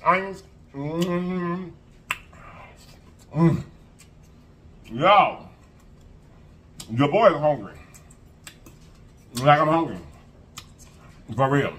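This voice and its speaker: Animated man humming through an eating show. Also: on the high side. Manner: animated, savoring with hums and mm-hmms; chatty, calls viewers y'all and baby. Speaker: food vlogger.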